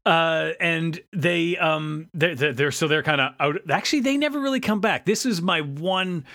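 A man co-hosting a podcast, recapping a cartoon episode in casual chat and slipping into quick character voices for quotes. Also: a little high, dry recording, studio quality. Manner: animated, jumps into quick character voices when quoting. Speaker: podcast co-host.

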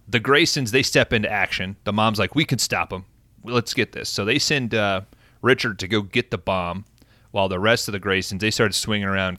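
Laid-back, swearing man with a low, bright voice. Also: no room sound. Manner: laid-back, swears often, frequent fillers. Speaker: podcast host recapping a film. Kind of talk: casual profane chat.

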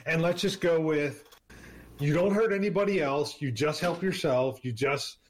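Male co-host, slightly high pitch, jokey and curious, relaxed chat. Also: moderate pace, crowd noise. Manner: joking, asks questions. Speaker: podcast co-host. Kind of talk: casual chat.

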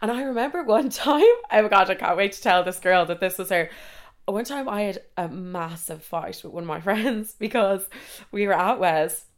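A young Irish woman telling stories casually, animated and swearing freely, acting out the people she quotes. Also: medium pitch, moderate pace. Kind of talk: casual storytelling monologue.

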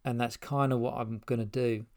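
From his spare room, a middle-aged podcast host of Spanish and English background gives a heartfelt, unscripted talk that rambles and restarts a lot. His medium-pitched voice holds fairly even intonation at a moderate pace.

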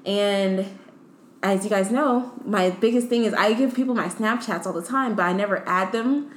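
A woman's voice: medium pitch, moderate pace. A young woman in casual chat as co-host, telling a dating story and filling her talk with "like". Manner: chatty, many "like" fillers. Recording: echoey room, faint background noise.

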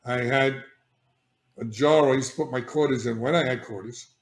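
An older man recounts his own past with blunt, emphatic energy, stopping to check in with his listener and restarting his sentences as he goes. His voice sits at an ordinary middle pitch. The room around him rings with a noticeable echo. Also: moderate pace. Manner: animated and emphatic, frequent restarts and "all right?" check-ins. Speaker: guest, addiction therapist. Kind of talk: candid personal storytelling. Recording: echoey room.

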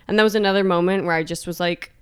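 A woman guest on a podcast, recounting her race in casual, expressive chat with an exasperated edge. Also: on the low side, very fast, smooth, no echo.

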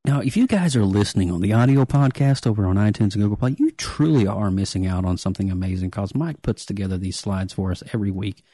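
A man hosting a casual pop-culture podcast, talking excitedly with lots of restarts and jokes. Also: lowish voice, fast, few pauses, no echo, studio quality. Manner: excitable, joking, many restarts. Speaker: podcast host.

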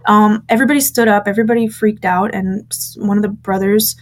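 A woman in a relaxed interview, talking candidly and chattily about her past. Her voice sits at an ordinary middle pitch, neither high nor low. She tells the story with plenty of fillers and restarts and slips into the voices of the people she quotes. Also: fairly quick. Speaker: former church member telling her story.

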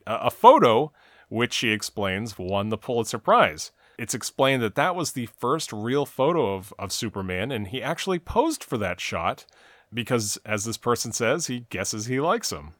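A man's voice: mid-range voice, a bit bright, dry recording. A man with a mid-range voice, recapping an episode in long, run-on stretches of plot. The sound is dry and close, with no room around it. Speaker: podcast co-host recapping a TV episode. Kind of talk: casual recap chat.

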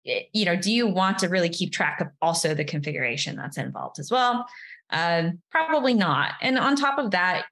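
A woman's voice: fairly low pitch, expressive, normal speed, a bit bright. A woman, a developer advocate guest, explaining step by step in casual interview talk, often adding "you know" and "right".

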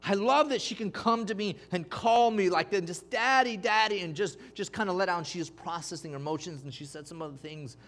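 A man's voice: sits high, fast, hardly any pauses. A man preaching a sermon, emphatic, calling on the congregation to respond. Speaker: pastor.

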